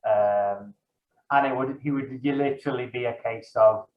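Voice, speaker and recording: A young dungeon master is a guest in a casual interview, rambling, correcting himself, and filling gaps with ums. His mid-range voice is a little slow, with soft background music, and the recording has an echoey, dull, lo-fi room sound.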